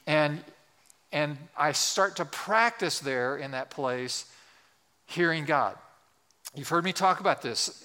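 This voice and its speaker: A male pastor preaching a sermon in an earnest, exhorting way, slowing down to stress key words. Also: fairly high pitch, sharp tone. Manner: earnest, exhorting, slows for emphasis.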